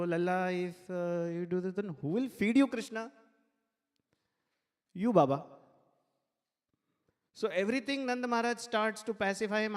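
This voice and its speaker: A man giving a devotional sermon at a temple, telling a sacred story in an animated way and laughing along with it. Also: on the high side. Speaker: temple speaker. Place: temple hall. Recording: long hall reverb.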